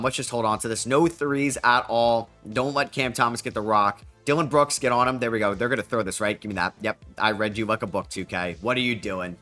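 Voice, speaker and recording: Young man, excitable gaming commentary, bright forceful voice, faint music behind. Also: mid-range voice. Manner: excitable, groans and yells at the game. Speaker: gaming YouTuber. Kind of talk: game commentary while playing.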